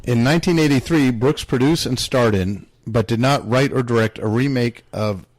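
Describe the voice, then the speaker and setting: A man's voice: mid-range voice, moderate pace, a little mellow, dry recording. Man reading movie trivia aloud. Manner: reads notes aloud, stumbles on names. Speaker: podcast co-host. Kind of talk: casual chat and reading trivia.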